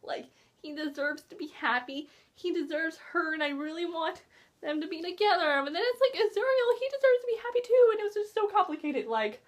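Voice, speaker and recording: A woman giving a casual book-talk vlog review, gushing and excitable, with lots of filler words. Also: very high voice, brisk.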